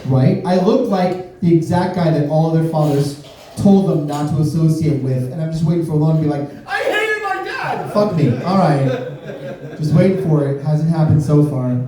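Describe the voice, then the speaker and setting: A man from Miami doing a stand-up comedy set, deadpan, breaking into sudden high-pitched voices when he acts out quotes. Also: moderate pace. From Miami, USA. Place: comedy club stage. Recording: roomy club sound from a distance. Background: audience laughter.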